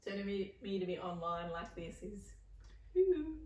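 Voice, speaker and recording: A middle-aged woman co-hosting a casual podcast, telling lively stories and acting out the voices of the people in them. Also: on the low side, moderate pace, a little hiss or hum. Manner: animated storyteller, acts out voices, laughs often. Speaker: podcast co-host. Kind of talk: casual chat. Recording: echoey room, far from mic.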